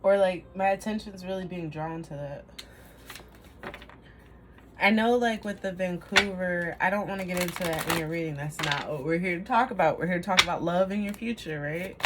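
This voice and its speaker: Woman, tarot reader, lowish voice, rambling casual talk, faint background hiss. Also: brisk, hardly any pauses. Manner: rambling, trails off and restarts, laughs at herself. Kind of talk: casual tarot reading to camera.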